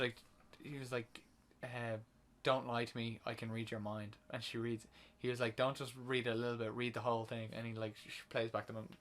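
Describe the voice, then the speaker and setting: This co-host's voice has a medium pitch and a fairly bright tone. On the podcast he chats casually about a film he's reviewing, retelling the plot, ranting, and swearing when he gets fired up.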